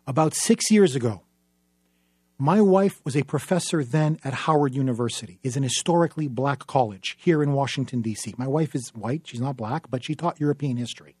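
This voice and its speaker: A man's voice: mid-range voice, brisk, breathy edge, no echo. A man, a newspaper columnist, telling a story in an impassioned public speech, emphatic and dramatic. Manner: emphatic, dramatic, building to forceful peaks.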